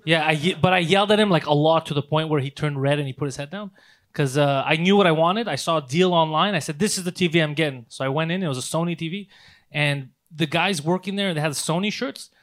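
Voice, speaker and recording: A man telling a long story in casual podcast chat, swearing often and acting out the people in it. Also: a little high. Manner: fast, profane, animated storytelling. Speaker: podcast host.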